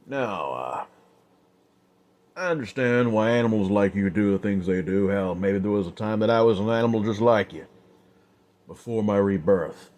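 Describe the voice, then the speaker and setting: A man voicing a cold, calm undead gunslinger who speaks in a quiet, menacing way in an audio story. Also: lowish voice, normal speed, lightly acted.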